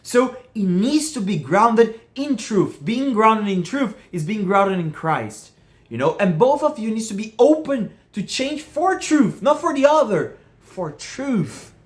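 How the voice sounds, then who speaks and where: A man giving earnest relationship advice, often checking whether the listener follows him. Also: very high-pitched. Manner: earnest, keeps asking "you get what I mean?". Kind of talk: casual monologue to camera.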